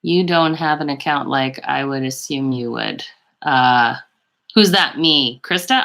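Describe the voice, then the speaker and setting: Low bright-voiced chatty Canadian woman. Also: a little slow, creaky. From western Canada. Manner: chatty and rambling, full of fillers and asides. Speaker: beauty vlogger hosting a live stream. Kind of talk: casual live chat, reading viewer comments.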